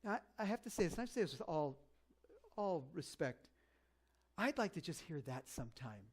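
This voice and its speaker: A man preaching a conversational sermon as pastor, joking and animated, with lots of fillers and restarts. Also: a little high, normal speed.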